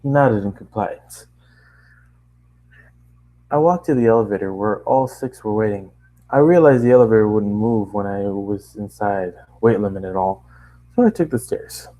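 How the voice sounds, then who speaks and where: A man's voice: fairly low pitch, normal speed, dark tone, poor audio. A man casually reading fan fiction aloud, chatty and self-deprecating, often stumbling and restarting lines. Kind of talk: casual story reading with asides.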